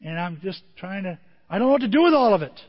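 A middle-aged pastor with a high voice preaches a fast, animated sermon, wandering into stories and asides to the congregation. The recording sounds dull and muffled, and his voice rings out with a long reverb.

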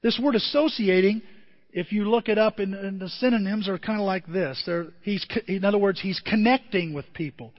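A man preaching a sermon as pastor, animated, swinging from loud emphasis to quiet asides. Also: high voice, moderate pace, long reverb tail, highs cut off. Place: church.

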